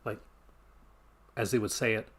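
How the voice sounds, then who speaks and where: A man's voice: on the low side, fairly even intonation, normal speed, a bit bright, slightly rough. A man from Newfoundland with a Canadian accent, chatting casually on a live stream in a rambling way, often cutting himself off and chuckling.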